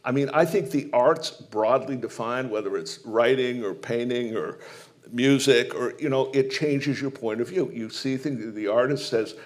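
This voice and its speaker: A man's voice: medium pitch, moderate pace. A man from Maine, a humorist telling anecdotes and reflecting on humor in a live stage interview, speaking in a rambling, searching way. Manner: rambling anecdotal storyteller, many fillers and restarts, reflective. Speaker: humorist guest. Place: small live performance venue.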